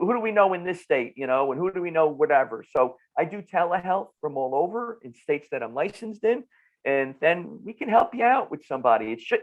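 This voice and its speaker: A man in his fifties with a North Jersey accent, a nutritionist guest talking in an animated way and often repeating words. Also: on the high side, narrow, tinny audio. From New Jersey. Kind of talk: casual podcast interview.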